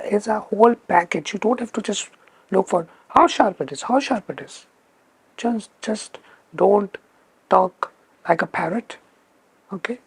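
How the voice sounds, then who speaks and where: Man reviewing gear, slow unhurried delivery, gravelly husky voice, dry close sound, emphatic repeats. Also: sits high, no room sound. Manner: emphatic, repeats words for stress. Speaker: photography channel host. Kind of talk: casual spoken lens review.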